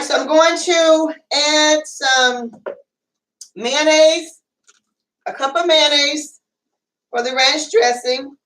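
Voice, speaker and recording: A woman's voice: high voice, slow pace, fairly bright tone, recorded from a distance. A woman hosting a casual home cooking show, chatting and rambling as she cooks, with plenty of fillers. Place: home kitchen. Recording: echoey room, away from the mic.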